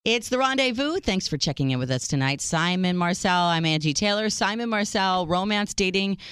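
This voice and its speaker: A woman's voice: fairly low pitch, animated, moderate pace, fairly bright tone, clean tone, no room sound, clean studio sound. A woman co-hosting a radio talk show, chatty and teasing, laughing often as she banters.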